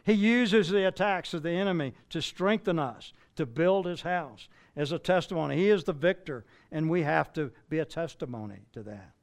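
A man's voice: fairly high pitch, lively intonation, normal speed, hardly any pauses. An older man preaching a sermon in a conversational way, asking listeners rhetorical questions and often restarting phrases. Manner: restarts and stumbles mid-phrase.

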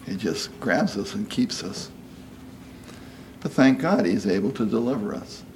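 A preacher in his sixties delivers a folksy, chatty sermon, frequently asking "you know?" and performing the voices he quotes. His voice is fairly low and unhurried, with a little hiss or hum in the recording.

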